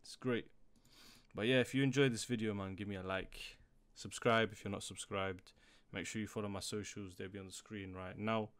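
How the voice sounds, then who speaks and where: A young man giving casual commentary as a music reaction host, slang-heavy and breaking into loud, hyped outbursts. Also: on the low side, fairly even intonation, normal speed, clean tone.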